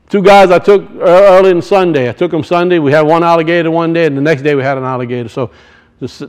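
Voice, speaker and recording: A man's voice: high-pitched, clean tone, low-quality recording. A middle-aged man preaching a sermon as a pastor, talking conversationally, asking rhetorical questions and telling folksy stories.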